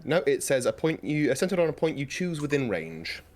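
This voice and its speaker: A man's voice: a little high, sing-song, fairly quick, darkish tone. Man explaining game rules with dry jokes. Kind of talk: tabletop game play.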